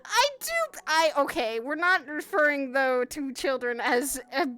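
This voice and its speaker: A woman chatting in casual roleplay, with excitable, laughing exclamations. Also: high voice, unhurried, faint music behind. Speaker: roleplay streamer. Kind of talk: casual in-character roleplay chat.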